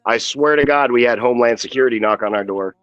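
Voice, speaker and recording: A man's voice: mid-range voice, fast talker, fairly bright tone, no room sound. A man joining a casual stream chat as a guest, telling easygoing stories. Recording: dull dry lo-fi audio.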